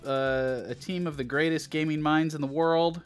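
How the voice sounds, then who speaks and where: A man hosting a casual gaming podcast, relaxed and joking, with lots of fillers. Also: a little high, moderate pace, soft background music. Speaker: podcast host.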